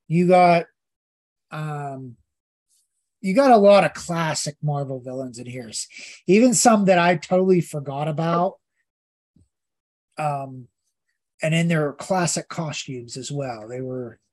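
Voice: medium pitch, darkish tone. A podcast host giving a casual, rambling recap of a comic story, hesitating often with fillers.

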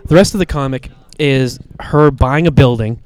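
A man's voice: medium pitch, moderate pace, darkish tone, smooth. A man with a slight cold, co-hosting a comic book podcast and retelling a story in casual chat, rambling with lots of fillers and restarts.

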